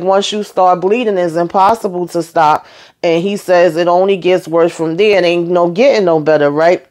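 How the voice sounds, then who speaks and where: A woman hosting her own TV show recap, talking in a sassy, animated way straight to her viewers. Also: mid-range voice. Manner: animated, sassy, talks to viewers as y'all and honey. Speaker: TV recap host. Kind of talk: casual recap chat.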